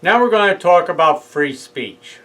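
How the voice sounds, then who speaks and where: A man's voice: high-pitched, animated, moderate pace, fairly bright tone, low-quality recording. A middle-aged man with a New York accent, telling his story in a casual monologue and acting out both sides of a heated phone argument. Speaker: speaker recounting a legal case.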